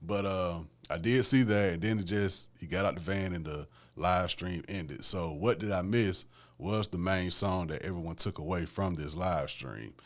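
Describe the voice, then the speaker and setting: Laid-back low-voiced man hosting a podcast. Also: moderate pace. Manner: laid-back, conversational, frequent "man" and "you know what I'm saying". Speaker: podcast host. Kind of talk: casual solo music commentary.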